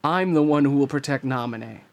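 A brooding, troubled teenage swordsman, as a man reading a novel aloud puts him on. His voice is gravelly and stays close to the reader's own, urgent and intense. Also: mid-range voice, normal speed, darkish tone, lightly acted. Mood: bitter.

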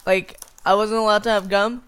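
A woman's voice: medium pitch, level tone, normal speed, smooth. A woman co-hosting a casual chat, complaining animatedly about a snack with frequent laughs. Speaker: podcast co-host.

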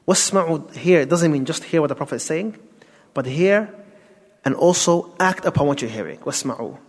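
An Islamic teacher delivers a Quran tafsir lesson at a moderate pace, his slightly high voice carrying lively intonation. He moves step by step, raises rhetorical questions and blends in Arabic terminology, all under a long hall reverb.

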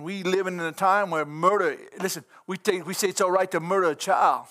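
A middle-aged man preaching a fervent sermon, folksy in grammar and rising at times to shouts. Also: high voice, a little fast.

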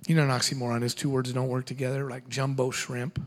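A middle-aged man giving a humorous seminar talk to parents, animated and quick with joking asides. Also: medium pitch.

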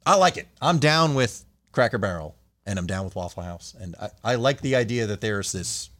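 A man's voice: fairly low pitch, lively intonation, moderate pace, a bit bright. A man from New Jersey chatting casually, rambling and hesitant with many fillers. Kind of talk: casual chat.

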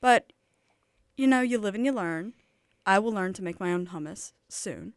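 A bubbly young woman with a Southern US drawl, chatting casually as a podcast co-host. She gasps and exclaims often at a mid pitch, recorded dry and close to the mic. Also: lively intonation, moderate pace, no echo. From Alabama, US Southern. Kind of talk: casual chat.

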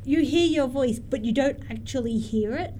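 Chatty woman, higher voice. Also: normal speed, dark tone, slight background noise. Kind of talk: casual chat.

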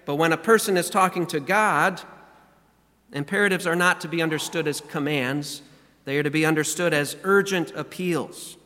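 A man in a church hall delivers a sermon with a fairly high, bright, forward voice. He talks earnestly and leans hard on key words, and his voice rings with a long echo off the sanctuary walls. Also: normal speed. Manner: earnest, emphatic, reads scripture aloud and stresses key words. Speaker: pastor.

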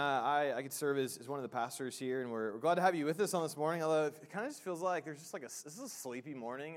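A man preaching a sermon as pastor in a church, casual and joking, with many fillers and restarts. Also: fairly high pitch. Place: church sanctuary.

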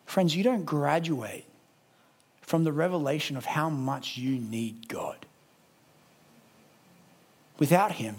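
An Australian man preaching a sermon at a church service, lively and conversational, acting out quick impressions. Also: fairly high pitch, husky.

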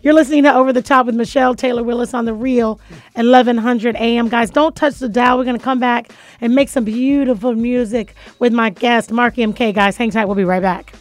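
A woman's voice: a little high, fairly even intonation, fairly quick. Playful woman hosting a radio show. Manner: playful, laughing, teasing. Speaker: radio host. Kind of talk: casual radio interview chat. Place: radio studio.

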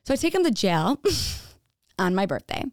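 A woman's voice: mid-range voice, sing-song, moderate pace, a little mellow, no echo, studio quality. Candid woman telling a personal story. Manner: candid, frequent "like", acts out quoted dialogue. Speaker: speaker telling her own story.

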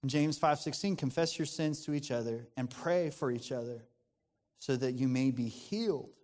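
A man's voice: mid-range voice, moderate pace, a little mellow, long reverb tail. A man, a pastor, preaching a conversational sermon in an earnest tone, often restarting his sentences.

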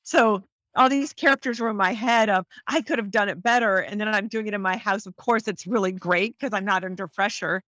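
Animated woman telling an acting story. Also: medium pitch, fairly quick, no room sound. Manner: lively, acts out voices in her anecdotes. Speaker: guest.

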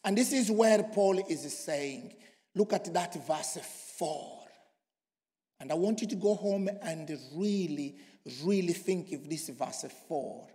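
A preacher from Congo, preaching emphatically and swinging from loud to hushed. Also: male voice, sits high, expressive, slow. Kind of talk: sermon. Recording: long hall reverb.

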